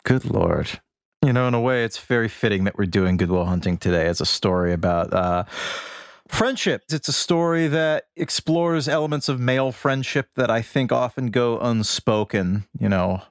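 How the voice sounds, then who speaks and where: A man's voice: medium pitch, moderate pace, smooth, dry recording, studio quality. A young man from the Boston area co-hosting a podcast, talking with enthusiasm and laughing often. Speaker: podcast co-host. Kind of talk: casual podcast chat.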